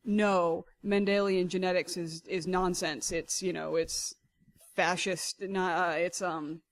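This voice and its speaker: A man's voice: high voice, flat delivery, measured pace. A man co-hosting a casual podcast chat, rambling and hunting for words as he talks. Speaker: podcast co-host.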